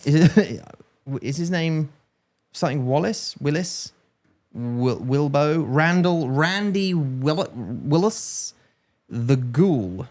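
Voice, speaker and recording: A man's voice: on the high side, slow pace, a little mellow. A British man co-hosting a podcast in casual chat, rambling and correcting himself with a joking tone. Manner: rambling, self-correcting, jokey. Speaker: podcast co-host.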